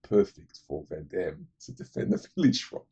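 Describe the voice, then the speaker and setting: A man's voice: deep voice, very animated, normal speed, creaky, warm tone, slightly rough, muffled recording. A man casually retelling a movie plot for his film-ranking vlog, digressive, blunt and profane. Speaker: movie list vlogger.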